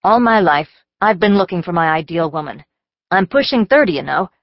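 A woman voicing an earnest, persuasive young male professor in his late twenties, a smooth talker, in an audiobook. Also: sits high, lively intonation, a little fast, dry recording. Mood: earnest pleading. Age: late 20s. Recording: slightly dull audio.

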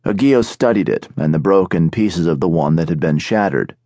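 A man narrating an audiobook in a steady, measured storytelling manner, recorded on a studio microphone. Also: low voice, no echo. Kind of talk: scripted narration.

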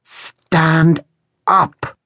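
Guy voicing a mean servant woman, low hissy threats, kinda deep. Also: expressive, measured pace, slightly rough, no room sound, studio quality. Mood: snapping. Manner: muttering, hissing threats. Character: harsh bitter female servant, threatening.

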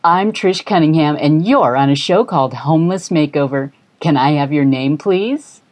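A woman voicing a brisk, pushy television host in an audiobook story, with a low voice. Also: animated, a little mellow. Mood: chipper.

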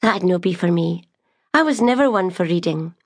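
A woman's voice: fairly low pitch, animated, moderate pace, no room sound, clean studio sound. A woman voicing a cheerful, homely young female maid. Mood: chiding.

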